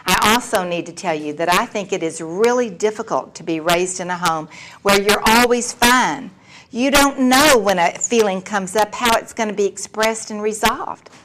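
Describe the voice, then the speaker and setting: A woman's voice: medium pitch, normal speed, a bit bright, a little hiss or hum, low-quality recording. A woman, giving a candid personal recovery share with a wry, storytelling manner. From Texas. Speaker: recovery meeting speaker.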